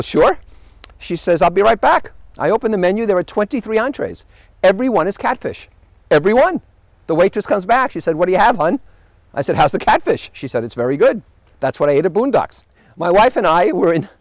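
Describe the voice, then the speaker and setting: Male host, high animated voice, wry anecdotal travel monologue, dry close sound. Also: a little fast, dry recording. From United States. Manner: animated storyteller, wry punchlines.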